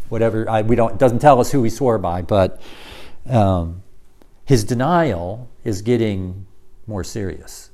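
A man preaching a sermon as dramatic storytelling, acting out quoted lines and dropping to quiet intensity. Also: lowish voice, unhurried.

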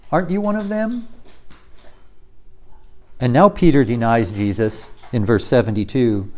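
A man preaching a sermon as dramatic storytelling, acting out quoted lines and dropping to quiet intensity. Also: fairly low pitch.

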